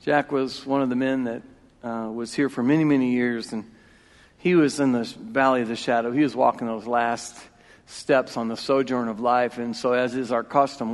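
A man in his forties preaching a sermon as pastor, emphatic and repeating key phrases, swinging between loud and hushed. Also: mid-range voice, steady tone, normal speed, gravelly. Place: church sanctuary. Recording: long reverb of a church hall.

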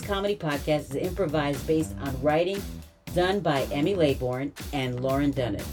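Lady podcast host doing credits, low voice, playful and chatty, bit of music under. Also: a little slow, a little mellow. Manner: chatty, playful, teasing asides. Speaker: podcast host and improv actor. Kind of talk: upbeat credits read and improv chat.

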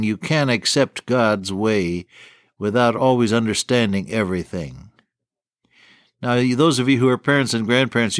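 An older man preaching a radio sermon in a gentle pastoral way, talking straight to his listeners and calling them beloved. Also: medium pitch, no echo, studio quality.

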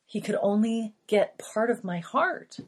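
Breathy woman sharing a faith testimony. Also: mid-range voice, expressive, measured pace. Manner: earnest, confessional, emotional. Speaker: podcast host.

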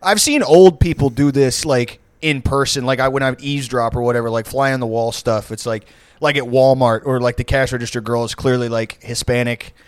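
A man's voice: mid-range voice, steady tone, fairly quick, clean tone, no room sound. A young man co-hosting a podcast, telling profane, rambling comic stories and laughing often. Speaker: podcast co-host. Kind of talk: casual comedic storytelling.

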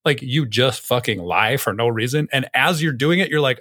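A man's voice: medium pitch, moderate pace, pushed and bright, dry recording, clean studio sound. A young adult man co-hosting a podcast, chatting casually, rambling with many fillers and restarts, and swearing freely. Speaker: podcast co-host. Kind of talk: casual chat.

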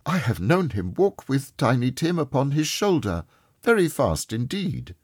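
A man voicing a grieving, gentle mother who speaks with soft, faltering tenderness. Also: mid-range voice, sing-song, measured pace, husky, dry recording, studio quality, pitched above the performer's own voice. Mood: tender.

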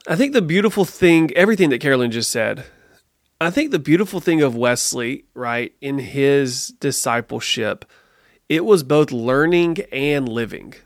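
Gravelly man telling an earnest story. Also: medium pitch, no echo, clean studio sound. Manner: earnest, lively anecdote-teller who restarts phrases. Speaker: podcast co-host being interviewed. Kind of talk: casual conversational storytelling.

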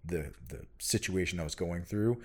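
A man, a parent, telling a personal story in casual conversation, earnest and animated, getting loud when he quotes himself. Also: low voice, moderate pace. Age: adult parent. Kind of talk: casual chat.

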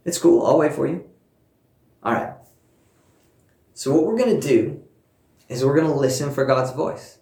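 A man's voice: fairly high pitch, animated, moderate pace, long pauses, a little mellow. Earnest male pastor in an echoey room. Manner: earnest storytelling, speaking to listeners at home. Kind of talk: sermon.

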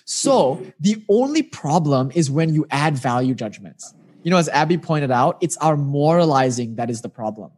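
A man teaching meditation in a patient, gently instructive way, speaking casually over a video call. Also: fairly high pitch, lively intonation, moderate pace, slightly rough.

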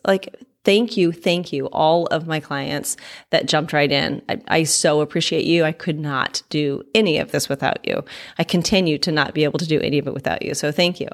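Chatty woman fitness podcast host, lowish voice. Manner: candid and chatty, laughing often, with filler ums. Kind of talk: personal storytelling podcast.

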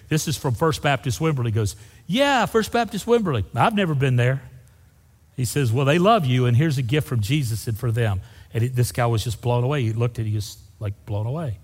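A man preaching a sermon as a pastor, telling folksy stories and speaking straight to the congregation. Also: mid-range voice. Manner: folksy storytelling preacher, says y'all. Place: church sanctuary. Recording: long reverb in a large church hall.

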